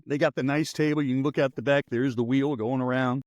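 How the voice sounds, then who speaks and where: A man's voice: mid-range voice, fairly even intonation, fairly quick, a little mellow, dry recording, lo-fi sound. A man in his sixties, a former radio newsman hosting a podcast, telling stories in a rambling, wry, anecdotal way. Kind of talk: casual storytelling chat.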